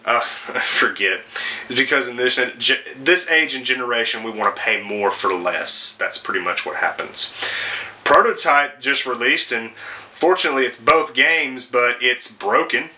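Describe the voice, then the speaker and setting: In this ranting commentary video, a young man plays a video game reviewer, swearing frequently and sarcastically, with exasperated asides. He speaks a little slowly at medium pitch, and his voice sounds pushed and bright.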